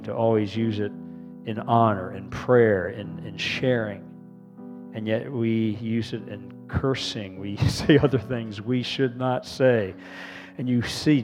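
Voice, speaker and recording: Earnest pastor leading a call-and-response prayer. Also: male voice, lowish voice, a little mellow. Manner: earnest, leads the congregation in repeated responses.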